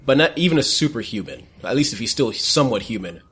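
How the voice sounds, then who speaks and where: A man running a tabletop horror game as game master, describing scenes in a lively way and laughing along with his players. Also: mid-range voice, fast, breathy edge.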